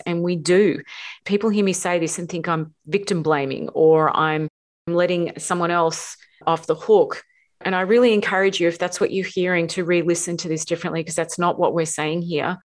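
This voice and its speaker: A woman hosting a relationship coaching podcast, talking emphatically and repeating words for stress. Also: on the low side. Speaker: podcast host.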